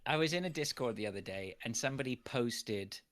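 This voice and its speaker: A man co-hosting a casual gaming podcast, ranting in an animated way with frequent restarts. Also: mid-range voice, fairly quick. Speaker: podcast co-host. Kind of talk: casual chat.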